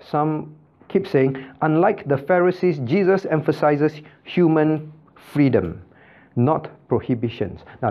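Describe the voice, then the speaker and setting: Brief: male pastor leading a Bible class, animated pitch, muffled lo-fi sound, quizzes students by name. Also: creaky. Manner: calls on students by name, repeats points with checking questions. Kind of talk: Bible study teaching with questions to the class.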